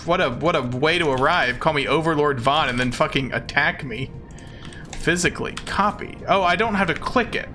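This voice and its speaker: A man's voice: a little high, normal speed, pushed and bright, soft background music. A man streaming a game as a VTuber, chatting casually with his viewers in a playful, self-mocking, jokey way.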